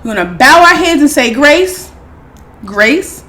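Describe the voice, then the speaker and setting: A woman hosting an eating show, chatting casually and excitedly to her viewers, calling them y'all. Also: high-pitched, normal speed. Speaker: mukbang host.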